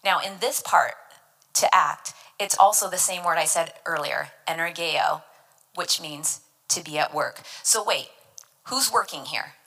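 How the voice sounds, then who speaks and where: Earnest woman teaching scripture, bright tone. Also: sits low, measured pace, vocal fry, rough recording. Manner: earnest, emphatic, explains scripture word by word. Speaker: devotional teacher. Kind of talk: devotional Bible teaching.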